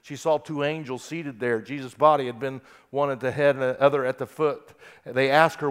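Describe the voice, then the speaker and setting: A man preaching a sermon who reads scripture aloud and swings from quiet, soft passages to loud, impassioned peaks. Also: mid-range voice, fairly even intonation, moderate pace, smooth. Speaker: pastor.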